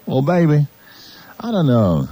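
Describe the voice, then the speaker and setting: A man's voice: fairly high pitch, huge pitch swings, unhurried, warm tone, no room sound. Brash teasing radio host man. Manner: brash, teasing, mock-macho. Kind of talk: comic call-in banter.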